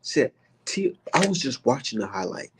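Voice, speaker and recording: A man's voice: medium pitch, normal speed, a little hiss or hum. A man giving a heated, profanity-filled boxing rant on his vlog. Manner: heated, animated, swears constantly. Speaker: boxing vlogger. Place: indoors, maybe art studio.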